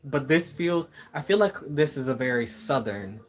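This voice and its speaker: A man's voice: mid-range voice, expressive, normal speed. A man giving a casual spiritual card reading to viewers, musing aloud and repeating words as he searches for messages. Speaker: tarot reader.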